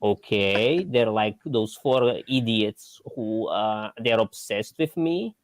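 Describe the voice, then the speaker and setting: A crude, boastful male streamer, as a caller puts him on drawls out insults at a slow pace. He chuckles at his own lines and sounds smug. The message is dry and close, with no room around it. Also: on the low side, expressive, no echo. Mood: mocking.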